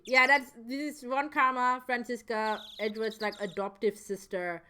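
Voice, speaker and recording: A woman's voice: fairly high pitch, moderate pace, few pauses, a little hiss or hum. A woman streaming a video game, giggling and commenting as she reads along. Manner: giggly, animated.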